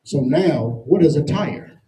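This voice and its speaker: A man's voice: a little high, lively intonation, slow pace, warm tone, poor audio. A man teaching a Bible lesson in plain street talk, emphatic and constantly checking in with "you understand?". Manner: explains with everyday comparisons and slang. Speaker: scripture teacher.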